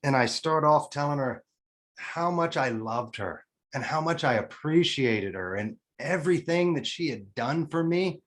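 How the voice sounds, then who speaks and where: A man's voice: fairly high pitch, animated, unhurried, a bit bright. A man in his forties, a podcast guest telling a personal story in a candid, emotional way, with casual swearing and restarts. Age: 40s.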